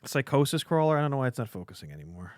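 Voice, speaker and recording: A man's voice: medium pitch, very animated, rapid-fire, no room sound, clean studio sound. A man hosting a casual live stream from a comic shop, opening cards and rambling with jokes and filler sounds.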